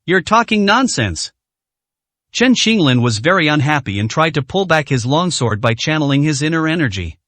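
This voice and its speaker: Lively, fairly high male storyteller. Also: a little fast, hardly any pauses, dry recording. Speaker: narrator. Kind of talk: scripted story narration.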